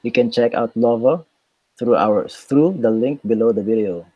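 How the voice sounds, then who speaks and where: A man's voice: mid-range voice, moderate pace, mellow, no echo, lo-fi sound. A man co-hosting a casual chat, easygoing, mostly giving short agreeing replies. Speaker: co-host.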